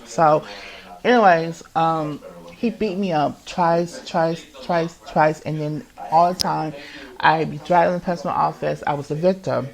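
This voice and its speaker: A man's voice: fairly high pitch, fairly even intonation, creaky, poor audio. A man alone at the mic, pouring out a confessional monologue for his podcast. He stumbles and restarts constantly, circling back over the same words. His speech is full of swearing and runs raw and agitated throughout. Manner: rambling and halting, with many restarts and repeats; heavy swearing. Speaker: podcast host.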